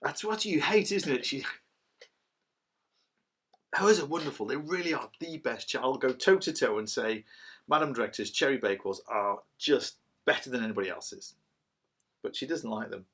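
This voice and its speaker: A man's voice: medium pitch, expressive, normal speed, long pauses, fairly bright tone, slightly rough. A middle-aged man, chatting casually through a cider review and rambling as he goes. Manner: rambling, chatty, self-described waffler.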